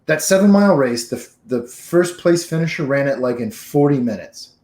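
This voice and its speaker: A man's voice: on the high side, animated, moderate pace, a little mellow, roomy sound. A man co-hosting a podcast, telling stories in a laid-back casual chat full of slang. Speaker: podcast co-host.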